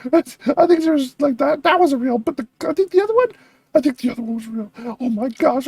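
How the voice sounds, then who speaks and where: A woman hosting a reaction video, thinking aloud with excitable chatter and frequent laughs. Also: high voice, fairly quick, no room sound.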